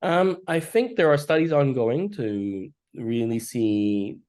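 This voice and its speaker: A man, an oncologist, giving a measured talk in his early-morning voice over a video call, pausing often with "uh". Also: medium pitch, lively intonation, a little mellow. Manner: measured, frequent "uh" pauses. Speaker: oncologist presenting research. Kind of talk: conference talk and Q&A.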